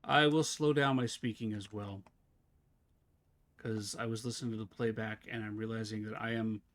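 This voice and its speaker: A man live-streaming a game, chatting casually with his viewers as he plays, talking fast and slurring his words together. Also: fairly low pitch, steady tone, a bit bright. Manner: chatty, talks to chat while fiddling with settings. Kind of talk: casual live-stream chat while gaming.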